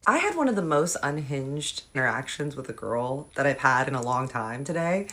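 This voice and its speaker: A young woman telling a story in a casual, animated and sarcastic way, acting out the people in it. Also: very deep voice. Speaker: content creator telling a story.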